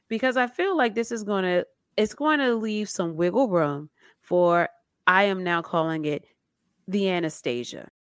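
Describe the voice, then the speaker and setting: A woman co-hosting a casual chat about a documentary, telling it with lively acted-out quotes. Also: mid-range voice, dry recording, clean studio sound. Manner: animated storytelling with acted-out quotes. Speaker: podcast co-host.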